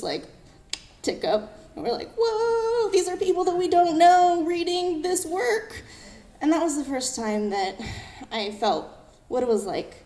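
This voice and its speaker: A young woman poet giving a lively talk to a live audience, acting out what others said and reading her own poem. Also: medium pitch, a little hiss or hum. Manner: animated, fast-talking, acts out quoted voices. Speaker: poet and speaker.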